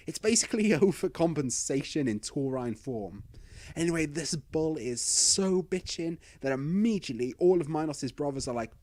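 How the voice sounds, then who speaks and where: Man, comic storytelling narration, sardonic, irreverent, deadpan asides. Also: mid-range voice, poor audio. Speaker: narrator reading a humorous post. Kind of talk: comedic storytelling reading.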